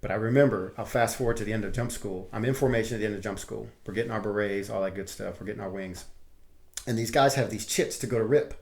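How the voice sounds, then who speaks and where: Gravelly-voiced man telling army stories. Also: fairly low pitch, fast. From Texas. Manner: lively storyteller who acts out his quotes. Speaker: guest, army veteran. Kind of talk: casual storytelling interview.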